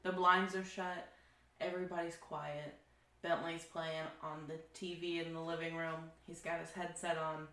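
A woman's voice: low voice, level tone, normal speed. A woman co-hosting a casual chat podcast, telling stories in a loose, swearing, laughing manner. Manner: storytelling, swearing freely, laughing. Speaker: podcast co-host. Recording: roomy echo.

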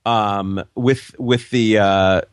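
A middle-aged man co-hosting a podcast in casual chat, talking fast with lots of fillers. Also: fairly low pitch, clean tone, dry recording, studio quality. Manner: quick, animated, lots of fillers. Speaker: podcast co-host.

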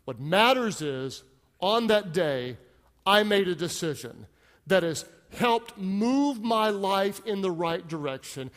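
A man's voice: very high-pitched, long reverb tail. A male pastor giving an emphatic sermon, leading call-and-response.

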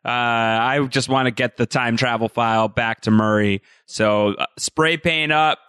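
A man's voice: mid-range voice, fairly even intonation, unhurried, a bit bright, clear, resonant tone, no room sound, clean studio sound. A man playing a tabletop game, joking around as he speaks for his character. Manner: jokey, playful. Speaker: player. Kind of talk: casual tabletop play.

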